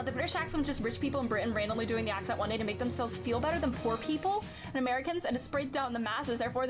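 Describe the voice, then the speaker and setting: Woman streamer, casual gameplay commentary, excitable and joking, high animated voice, loud game music.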